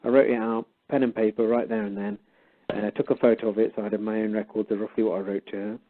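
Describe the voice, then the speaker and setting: A man's voice: fairly low pitch, level tone, fast. A man casually retelling a story, animatedly acting out both sides of a conversation. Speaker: guest storyteller. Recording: tinny phone-like line.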